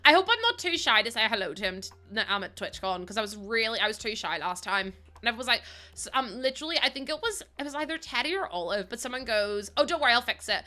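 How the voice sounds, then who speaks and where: Very bright, giggly woman streamer. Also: a little high, very animated, fast. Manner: chatty, giggly, self-mocking. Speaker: livestreamer. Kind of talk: casual chat with viewers while playing a game.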